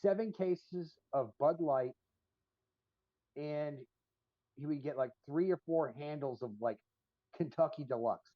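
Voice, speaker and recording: A man's voice: a little high, a little slow, long pauses, no echo. A man co-hosting a podcast, telling long, profane, rambling stories full of fillers in casual chat. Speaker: podcast co-host. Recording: dull lo-fi stream audio.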